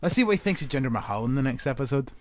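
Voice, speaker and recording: A man's voice: medium pitch, lively intonation, rapid-fire, darkish tone, no room sound. A man co-hosting a podcast in casual chat, sweary and jokey, often slipping into silly voices. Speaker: podcast co-host.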